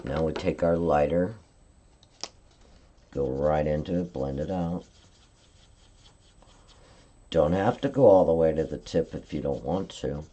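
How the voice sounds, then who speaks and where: A woman leads a live-stream craft lesson, talking through each step in a friendly, chatty way. Her voice sits low and mellow, and she often stops to check in with her viewers. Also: a little slow, long pauses, a little hiss or hum. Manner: chatty step-by-step instruction, frequent "okay?" check-ins. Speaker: card-making demonstrator.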